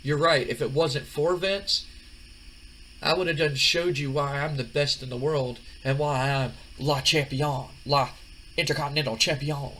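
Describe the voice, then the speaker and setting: A man's voice: on the high side, fairly even intonation, a little slow, pushed and bright, slight background noise, poor audio. A man voicing a smug male wrestling rival who taunts and gloats.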